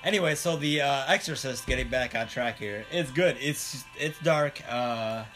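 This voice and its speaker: A man's voice: medium pitch, normal speed, a bit bright, soft background music. Laughing, rambling podcast guy. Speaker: podcast co-host. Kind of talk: casual chat.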